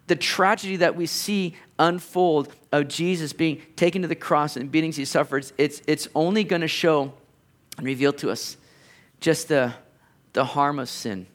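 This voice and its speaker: A man preaching a sermon in an earnest, conversational way, with playful asides to the congregation. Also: on the high side. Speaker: pastor.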